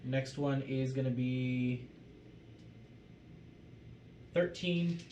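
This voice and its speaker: A man as game master, calmly calling out attack rolls and damage numbers and describing the blows. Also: medium pitch, very slow, slight background noise. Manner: methodical, calls out dice rolls and damage numbers. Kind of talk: running a tabletop game. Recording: roomy, distant mic with music behind. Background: music.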